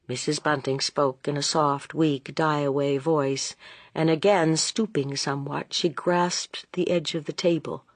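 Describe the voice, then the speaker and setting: A woman narrating a classic novel as an audiobook, in a measured, expressive storytelling voice. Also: sits low, no echo. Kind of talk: scripted narration.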